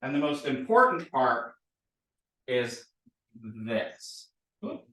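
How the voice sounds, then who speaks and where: A man's voice: fairly high pitch, unhurried, recorded from a distance. A man teaching a recorded lesson on drawing letters, playful and drilling sounds over and over. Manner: playful, repetitive drilling, animated. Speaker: language teacher. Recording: roomy, a bit off-mic.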